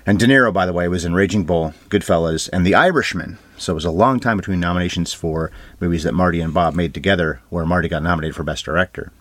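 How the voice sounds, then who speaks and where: Male podcast co-host, low register, rapid and dry, stat-heavy film talk. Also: no room sound. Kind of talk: casual film review chat.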